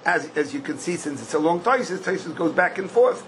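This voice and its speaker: A man's voice: on the high side, lively intonation, normal speed, a bit bright, slight background noise, poor audio. An older man teaching a Talmud class, questioning in a singsong and punching key points with bursts of emphasis. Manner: questioning singsong, bursts of emphasis, Yiddish-style Hebrew terms.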